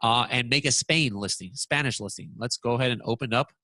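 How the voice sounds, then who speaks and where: A man presenting a software walkthrough lesson, talking excitedly and stammering when surprised. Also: mid-range voice, a little fast, dry recording.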